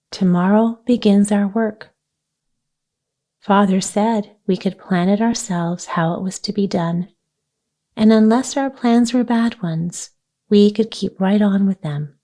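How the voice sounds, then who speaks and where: A woman voicing a gentle, earnest young girl in a storybook reading, sounding a little plaintive. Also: mid-range voice, slow pace, long pauses, lightly acted.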